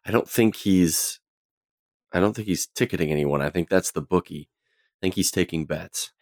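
Very deep-voiced male player. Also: moderate pace, a little mellow. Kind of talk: casual tabletop game chat.

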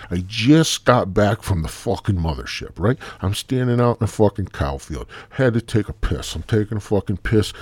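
A man's voice: lowish voice, darkish tone, dry recording. A man from the American Midwest hosting a podcast and telling a rambling, profane comic story. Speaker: podcast host.

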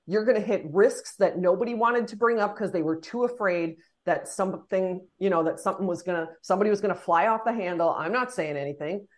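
Emphatic woman leadership consultant. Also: medium pitch. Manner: emphatic, lists points in quick repeated phrases. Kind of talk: interview answers, explanatory.

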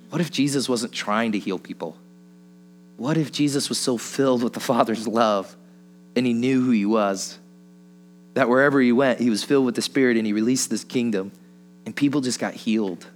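A man's voice: medium pitch, a little hiss or hum. A man preaching a sermon in a casual storytelling way, chuckling through anecdotes and posing rhetorical questions. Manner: chatty, laughs while telling stories, rhetorical questions.

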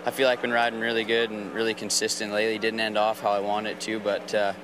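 A man's voice: fairly low pitch, completely flat delivery, quick pace, noisy background. A man from Canada interviewed as a bull rider, modest and rambling with fillers. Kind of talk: post-ride interview.

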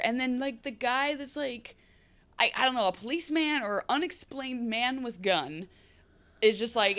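A woman's voice: on the high side, unhurried, sharp tone. Playful female co-host, jokes freely, slips into funny character voices. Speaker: podcast co-host. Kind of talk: casual chat recap.

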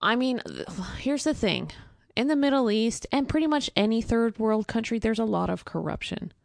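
A woman who is a guest in a casual interview, explaining earnestly and filling pauses with fillers. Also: on the high side, animated, vocal fry, no echo, studio quality.

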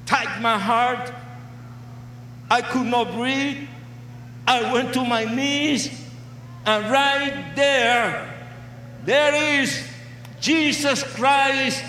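An older man preaching a testimony sermon with English, impassioned and shouting at the peaks. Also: very high-pitched, a little hiss or hum. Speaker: evangelist. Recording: roomy hall sound.

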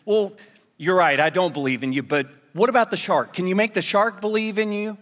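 A pastor voicing a dismissive atheist swimmer in a joke, heard in a long hall reverb. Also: male voice, sits high, brisk, a bit bright, voice pushed up. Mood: sheepish. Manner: dismissive, then panicked. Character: scoffing atheist man swimming in the ocean.

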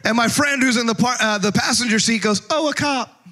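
Man, high voice, bright tone, animated comic sermon storytelling. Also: fast talker. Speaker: pastor.

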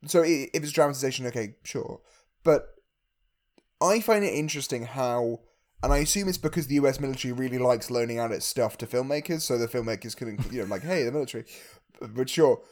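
A man's voice: medium pitch, brisk, a little mellow. A man co-hosting a casual film chat, thinking aloud and often repeating words as he goes. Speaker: podcast co-host.

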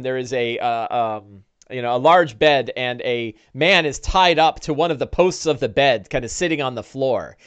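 A man narrating as game master of a tabletop game, talking casually with many filler sounds. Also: medium pitch. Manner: lively, casual, frequent uh fillers.

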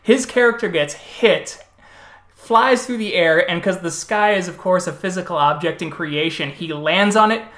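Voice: medium pitch, normal speed, fairly bright tone. A podcast host in casual chat about tabletop games, telling stories with frequent laughter. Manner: storytelling, laughs often. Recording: roomy echo.

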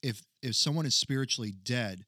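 A man co-hosting a podcast in casual chat, reasoning aloud in a measured way with frequent restarts. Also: medium pitch, pushed and bright, dry recording, studio quality. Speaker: podcast co-host.

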